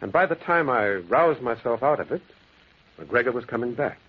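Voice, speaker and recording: A man's voice: medium pitch, animated, normal speed, husky. An actor playing a railwayman who narrates his eerie encounter with an urgent, dramatic delivery, in 1940s radio-drama style on a dull old recording. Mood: tense narrating. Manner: urgent, tense, dramatic storytelling.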